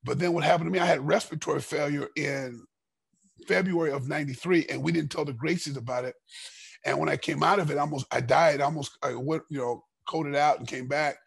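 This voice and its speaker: Raspy, gravelly middle-aged man. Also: on the high side, a little fast, no echo. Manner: animated storyteller, acts out dialogue. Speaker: podcast guest, former fighter. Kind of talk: casual storytelling interview.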